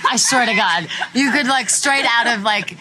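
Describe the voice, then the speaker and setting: A woman's voice: a little high, normal speed, bright, forceful tone, slight background noise, rough recording. A woman hosting a comedic street interview, brash, provocative and joking.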